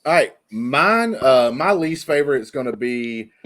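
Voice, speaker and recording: A man's voice: medium pitch, expressive, a little slow, fairly bright tone. A man hosting a casual TV review discussion, talking in a rambling way with lots of filler words. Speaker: podcast host.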